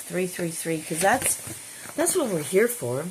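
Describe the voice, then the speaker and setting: A woman's voice: lowish voice, lively intonation, unhurried, slight background noise, poor audio. A middle-aged woman talking casually into her phone camera, blunt and given to swearing, audibly irritated. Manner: blunt, swears freely, talks to herself. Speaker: vlogger. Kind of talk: casual vlog.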